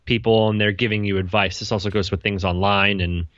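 Guy cohosting a podcast, bright forceful voice, bit muffled, talks fast and animated. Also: fairly low pitch, no room sound. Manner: quick, chatty, animated quoting. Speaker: podcast co-host. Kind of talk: casual chat.

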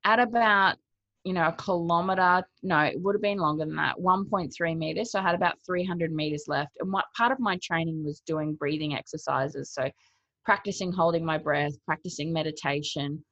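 Gravelly woman telling a story. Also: sits low, fairly quick, no room sound. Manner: lively retelling, acts out quotes, laughs between thoughts. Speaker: interview guest, cold-water swimmer. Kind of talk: casual storytelling in an interview. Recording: dull lo-fi, dry sound.

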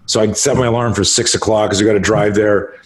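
Man, low voice, middle-aged, casual podcast guest, swears freely, animated storytelling. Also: quick pace. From Canada. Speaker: podcast guest, martial artist.

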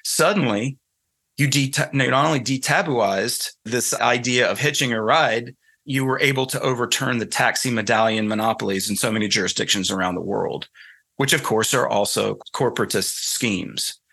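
Bright-voiced Southern man from North Carolina. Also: mid-range voice, moderate pace, creaky, breathy edge. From North Carolina, USA. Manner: thoughtful, explanatory, storytelling. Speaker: guest author. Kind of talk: conversational interview.

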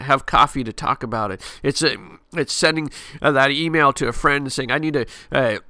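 A man's voice: fairly high pitch, bright, forceful tone, no echo, studio quality. A middle-aged man hosting a podcast, giving a casual devotional talk in a chatty, rambling way with frequent fillers and self-corrections. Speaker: podcast host.

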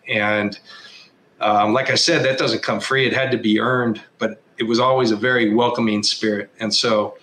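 A middle-aged man with a bright, forward voice tells stories in a casual interview, stopping and restarting often and chuckling as he goes. The sound is roomy and echoey. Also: medium pitch, slight background noise. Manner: halting with frequent restarts, chuckles while telling stories. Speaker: interview guest, former football player now team executive. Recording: echoey room.

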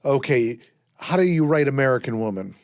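A man's voice: mid-range voice, lively intonation, a little fast, no echo, clean studio sound. A man hosting an interview, keeping things moving with short prompting questions. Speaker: interview host.

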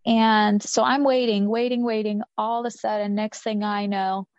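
A woman's voice: mid-range voice, little pitch movement, normal speed, darkish tone, no echo. A woman recounting a personal story in an interview, earnest and repeating phrases for emphasis. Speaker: interview guest. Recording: dull lo-fi sound.

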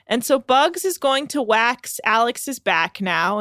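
A woman's voice: high voice, sing-song, normal speed, hardly any pauses, a bit bright, dry recording, clean studio sound. A woman co-hosting a casual chat show, recapping a reality series with sarcastic asides. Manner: chatty, sarcastic storytelling.

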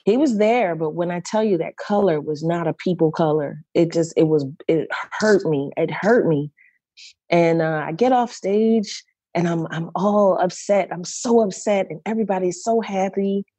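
A middle-aged woman speaks as an interview guest, her voice mellow and a little low. She tells her story with feeling, often circling back, repeating and restarting her phrases. The sound is dry and close. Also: moderate pace, husky, dry recording, dull audio. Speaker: guest performer.

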